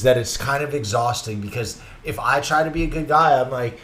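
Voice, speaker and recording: A man's voice: medium pitch, fairly quick, hardly any pauses, fairly bright tone. A young man co-hosting a casual podcast, rambling and acting out imagined quotes with laughter. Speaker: podcast co-host.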